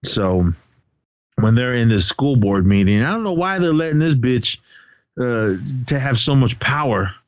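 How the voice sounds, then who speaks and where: A man's voice: medium pitch, lively intonation, a little slow, no room sound, dull audio. A man co-hosting a podcast, recapping a film in casual chat, acting out lines loosely and laughing often. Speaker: podcast co-host.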